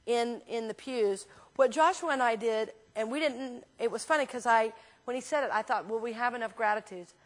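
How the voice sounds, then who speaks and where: Chatty woman minister telling stories. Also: a little high. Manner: chatty, animated storyteller with frequent restarts. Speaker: minister teaching a class. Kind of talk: casual teaching talk with anecdotes. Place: church.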